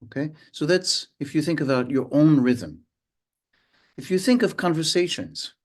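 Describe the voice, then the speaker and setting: A man teaching a mindfulness lesson, speaking slowly with frequent pauses and sometimes humming or sounding out rhythms. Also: a little high. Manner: unhurried, pauses often, hums and vocalizes rhythms to illustrate. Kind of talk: slow, reflective lesson.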